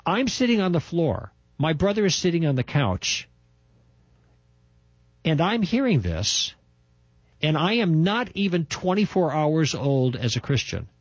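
An older man telling a personal testimony in an emphatic, animated storytelling manner, with a husky voice. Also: fairly high pitch, a little slow, dry recording, lo-fi sound. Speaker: testimony speaker.

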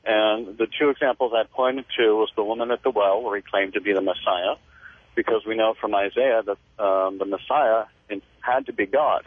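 Male caller on a tinny phone line, husky, earnest and hesitant. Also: fairly low pitch, moderate pace, no echo. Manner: hesitant, restarts, explains earnestly. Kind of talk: phone-in discussion.

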